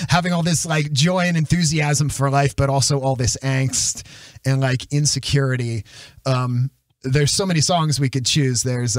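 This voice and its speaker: Man, podcast host, casual interview, mid-pitched voice, very dry close sound. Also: no room sound. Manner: enthusiastic, talks through music by counting beats aloud.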